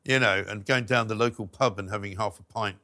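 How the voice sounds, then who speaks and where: Brisk bright-voiced male talk host. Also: on the low side, steady tone. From England. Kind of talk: talk show chat and presenting.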